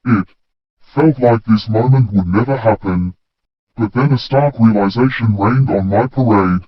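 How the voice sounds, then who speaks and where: A man reading a first-person story in a plain, steady way. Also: on the low side, a little slow, no echo. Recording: dull, dry lo-fi recording.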